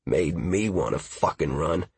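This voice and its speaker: A man's voice: very deep voice, expressive, unhurried, vocal fry, slightly rough, dry recording, pitched below the performer's own voice, exaggerated voice. A man doing a grumpy, sarcastic adventurer. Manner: sarcastic, muttering, profane.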